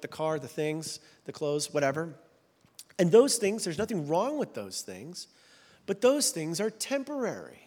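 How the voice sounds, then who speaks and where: Joking pastor in a reverberant hall. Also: male voice, sits high. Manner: conversational, self-deprecating humor. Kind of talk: sermon.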